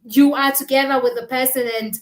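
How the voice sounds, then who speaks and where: A woman's voice: high-pitched, fairly even intonation, a little fast. A woman co-hosting a casual chat, talking earnestly and emphatically, often repeating her words. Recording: echoey room.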